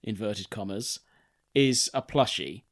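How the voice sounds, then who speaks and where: A man, co-hosting a casual podcast chat, telling a story in an animated, mocking way and swearing freely. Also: fairly low pitch, slow pace. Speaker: podcast co-host.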